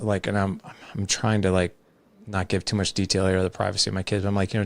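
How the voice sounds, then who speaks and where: A man with a low, gravelly voice speaks as a podcast guest. He is a father who explains things earnestly through everyday examples and leans on casual fillers. The sound is close and dry, with no room around it. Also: level tone, quick pace, no echo.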